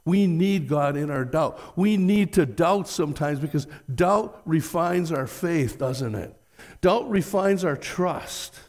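A man with a notably high voice preaches from the pulpit and reads scripture with dramatic emphasis. He often turns to the congregation with rhetorical questions. His voice carries a long reverb from the church hall around him. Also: a little mellow. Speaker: pastor. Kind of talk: sermon. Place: church sanctuary.

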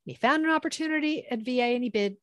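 Lively woman storyteller, dry close sound. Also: sits high, fast, no echo. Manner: animated, acts out quoted dialogue. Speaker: government contracting consultant. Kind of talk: conversational storytelling.

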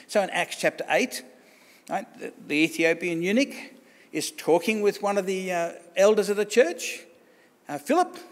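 Aussie guy preaching, chatty with lots of questions, bit higher voice, echoing church. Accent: Australian. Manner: conversational, restarts and rhetorical questions. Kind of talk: sermon. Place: church hall. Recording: long church reverb.

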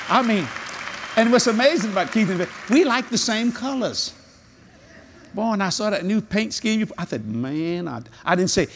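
An older man preaching a humorous sermon at a convention, telling jokey stories and breaking into sudden high-pitched exclamations. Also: sing-song, fairly quick, a crowd in the background, noisy background. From New Orleans, Louisiana. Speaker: evangelist. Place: large convention hall.

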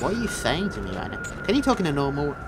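A man's voice: on the high side, wildly swooping pitch, fast, rough recording. A young man giving jumpy, joking commentary over a horror game, swearing and yelping when startled. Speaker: gaming video host. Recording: game music loud behind voice.

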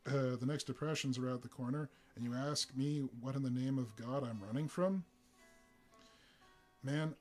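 A man's voice: mid-range voice, a little mellow, lightly acted. A man voicing a bitter, rambling young man. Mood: weary despair. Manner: edgy, rambling, defensive.

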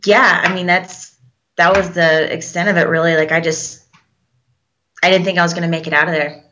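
A young woman with a lowish voice and a sharp, bright edge tells her story haltingly, pausing often and leaning on fillers. The recording is dull and lo-fi, as if the top end were shaved off. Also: fairly even intonation. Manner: halting, hesitant, with frequent fillers. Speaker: guest. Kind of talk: personal storytelling in an interview.

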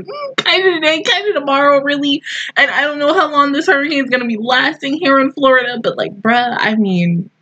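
A young woman hosting an anime reaction review, excitable and swearing, her voice breaking into tearful laughter. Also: high-pitched, slight background noise. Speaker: anime reaction channel host.

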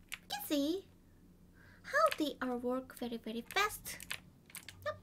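A young woman streams a game in very high, bright tones, her pitch leaping all over as she squeals, gasps and hums little sing-song tunes. She talks slowly in simple, broken English, with faint keyboard typing in the background. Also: wildly swooping pitch, slight background noise. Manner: sing-song humming while playing. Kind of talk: casual gameplay chat.

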